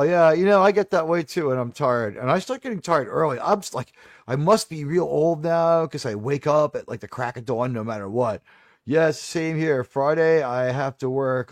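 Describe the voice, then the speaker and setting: A man's voice: mid-range voice, no echo, studio quality. A middle-aged man with a New York accent, chatting casually with viewers as a live stream host, rambling and restarting his sentences. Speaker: livestream host.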